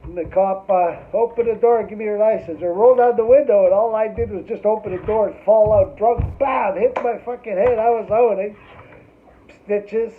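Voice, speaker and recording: A man in middle age tells a loose, foul-mouthed story and keeps tacking "eh" onto his sentences. His voice sits high for a man. The sound is thin and boxy, like it came down a phone line. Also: fairly even intonation, moderate pace, slight background noise. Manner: rambling and profane, tags lines with "eh". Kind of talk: casual anecdote.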